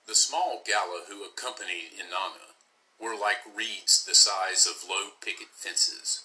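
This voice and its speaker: A man slowly and solemnly reading an ancient myth aloud as a story. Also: fairly low pitch, bright, forceful tone, poor audio. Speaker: narrator.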